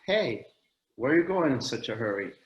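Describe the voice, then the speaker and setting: A man's voice: medium pitch, very animated, normal speed, echoey room, highs cut off, lightly acted. A man voicing a brash, bossy Virgin Mary apparition who gives orders in crude, casual language. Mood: soothing.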